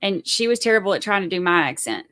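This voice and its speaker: A woman's voice: medium pitch, animated, fast, heavy background noise. Southern woman host, chatty storyteller, casual commentary. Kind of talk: casual chat.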